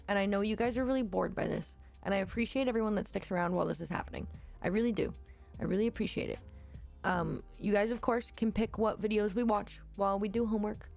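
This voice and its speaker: Woman streamer chatting casual, lots of vocal fry, cussing a lot, soft music underneath. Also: medium pitch. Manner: profane, blunt, quick reactions. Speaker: livestream host. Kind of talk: casual livestream chat.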